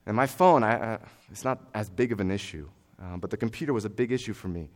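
A young man preaching a sermon, earnest and conversational with fillers, building to forceful exhortation. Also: lowish voice, animated, fast talker.

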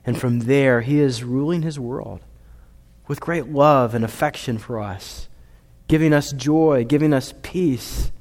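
A man preaching a sermon as a pastor, earnest, rising to emphatic points and dropping to soft, quiet lines. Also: medium pitch. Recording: long reverb of a hall.

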